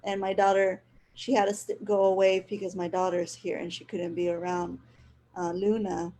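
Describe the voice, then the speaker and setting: A woman's voice: mid-range voice, level tone, normal speed, dark tone, slight background noise. A woman hosting a casual spiritual chat, telling a rambling personal story and laughing often. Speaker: host.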